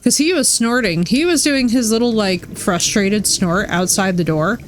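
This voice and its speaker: A woman live-streams a game in a mid-range, expressive voice at a moderate pace, with a faint hiss or hum. She's chatty, swears freely, and says "like" constantly, with faint game music behind her.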